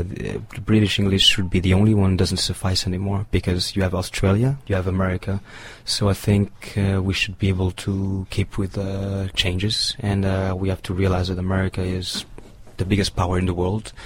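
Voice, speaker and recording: A man from Madagascar giving a thoughtful, hesitant statement with many fillers. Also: low voice. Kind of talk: short unscripted statement.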